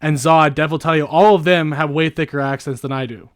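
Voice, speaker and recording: Higher-voiced Canadian man chatting on a podcast. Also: steady tone, brisk, clear, resonant tone, no echo, clean studio sound. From Greater Toronto Area, Canada. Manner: laughing, stammering restarts. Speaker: podcast host. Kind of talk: casual chat.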